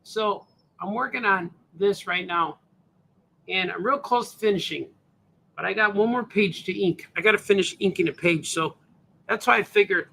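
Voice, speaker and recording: At normal speed, a man with a high-pitched, creaky, sharp-toned voice chats loosely while showing his comic pages on a livestream. Slight background noise is present, and he's relaxed and rambling, frequently saying "hey, man."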